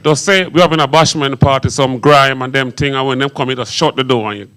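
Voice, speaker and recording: A man's voice: medium pitch, a little fast, clean tone, poor audio. A man from Zimbabwe performing on stage as an entertainer, speaking with patois-inflected English and leading the crowd in call-and-response. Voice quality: Caribbean-inflected patois speech. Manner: energetic, hyping the crowd. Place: event hall.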